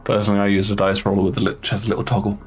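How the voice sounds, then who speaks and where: A man's voice: lowish voice, flat delivery, very fast, soft background music. A man narrating a tabletop game as game master, rambling and hesitant with many fillers.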